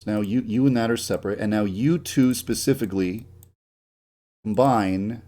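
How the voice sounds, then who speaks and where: In this live-stream work commentary, a man with a fairly low, warm voice speaks at a moderate pace while developing his game. He frequently swears, rants and grumbles, mocks himself, and laughs at his own jokes.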